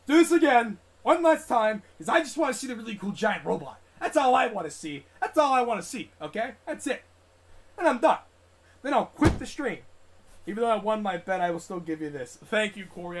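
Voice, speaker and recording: A young man live-streaming a game, frustrated, swearing, and talking both to himself and to his chat. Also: high-pitched. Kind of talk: live gameplay commentary.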